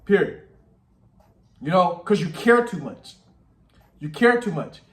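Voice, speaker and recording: A man's voice: sits high, very animated, measured pace, a bit bright, reverberant. A man giving casual reaction commentary on a podcast clip, blunt and emphatic, often repeating himself. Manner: blunt, repetitive, emphatic opinions.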